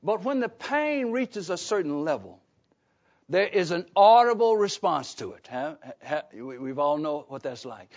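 A man's voice: fairly high pitch, big pitch swings, unhurried, a little mellow. A man preaching a sermon, emphatic and conversational, often asking the listeners questions. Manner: emphatic, asks the congregation questions. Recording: dull lo-fi recording.

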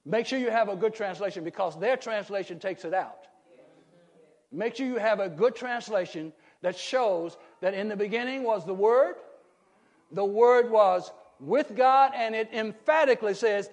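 High-voiced preacher man, emphatic. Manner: asks the congregation questions and rises to emphatic shouts. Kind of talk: sermon. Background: congregation calling out responses.

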